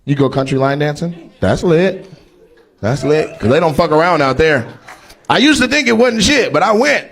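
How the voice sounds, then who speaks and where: A middle-aged man doing stand-up crowd work on a live comedy stage, teasing audience members with loud, profane banter. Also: a little high, lively intonation, fairly quick, vocal fry.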